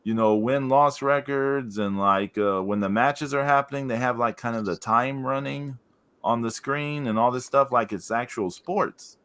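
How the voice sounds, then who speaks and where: Male podcast co-host, mid-pitch, rambling and filler-heavy, easily amused. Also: moderate pace, fairly bright tone, clean tone. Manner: amused, laughs while recounting. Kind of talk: casual chat.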